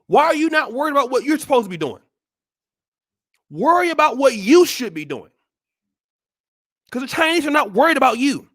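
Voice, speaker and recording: A man's voice: extremely high pitch, big pitch swings, fairly quick, pauses often. A man hosting his own channel, giving a blunt, scolding motivational monologue full of repeated rhetorical questions. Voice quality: forceful, preachy. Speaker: channel host.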